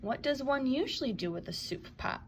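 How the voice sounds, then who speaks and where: A woman's voice: high-pitched, animated, normal speed, a little hiss or hum. A woman voicing a nasty-tempered scruffy male varmint in a storybook read-aloud, snarling and unkind. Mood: gruff.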